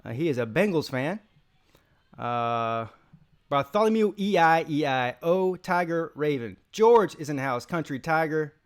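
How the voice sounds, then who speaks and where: Tired, rambling male call-in host. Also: a little high. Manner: rambling, loose, reads chat names aloud. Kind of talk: casual live-stream talk.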